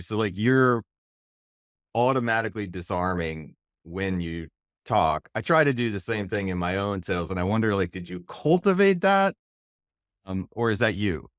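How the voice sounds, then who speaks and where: A man hosting a podcast, asking questions in a relaxed, thoughtful way and letting his sentences trail off softly. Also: fairly low pitch, dry recording, studio quality. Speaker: podcast host. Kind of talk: conversational interview.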